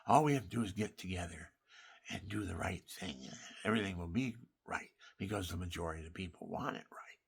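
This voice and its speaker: Gravelly older man telling war stories. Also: sits low, a little fast. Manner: emphatic, wandering storytelling with restarts. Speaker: military veteran. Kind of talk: rambling spoken monologue.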